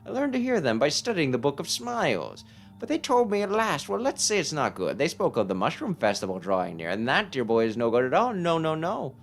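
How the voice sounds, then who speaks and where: A man voicing an eccentric old mushroom mystic, speaking in a high, drawn-out, sing-song way. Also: huge pitch swings, creaky, exaggerated voice. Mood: ominous.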